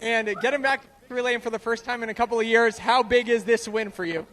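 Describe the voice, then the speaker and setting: A male pit reporter with a very high voice asks the winner questions down by the track. His tone is upbeat and direct, outdoors after the race. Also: fairly even intonation, fast talker, fairly bright tone.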